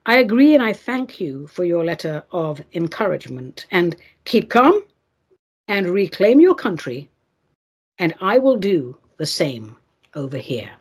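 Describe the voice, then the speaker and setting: A woman's voice: a little high, husky. A woman hosting a commentary show, talking in a sarcastic, ranting, scornful way. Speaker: host.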